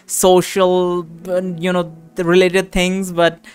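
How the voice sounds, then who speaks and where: A man's voice: sits high, slow, smooth. A man in his twenties giving casual, rambling commentary while playing a visual novel, swearing a lot. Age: 20s. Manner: animated, swearing, rambling with many fillers. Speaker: let's play host.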